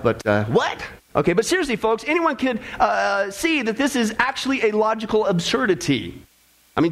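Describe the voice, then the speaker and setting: A man's voice: high-pitched, fairly bright tone. A man preaching a sermon to a congregation, emphatic and direct, with joking asides to the crowd. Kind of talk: sermon with audience.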